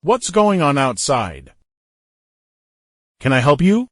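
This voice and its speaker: A man reads short everyday phrases for language learners, and his fairly high voice moves up and down a lot as he goes. He gives each phrase once on its own, then again inside a fuller sentence, in a very dry, close recording. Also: sing-song, slow pace, no echo. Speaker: English teacher. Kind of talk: reading example phrases for learners.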